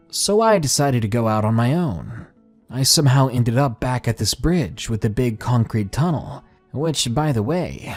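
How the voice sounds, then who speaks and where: A man's voice: mid-range voice, a little mellow, no echo. A man narrating a first-person horror story in a scripted storytelling style.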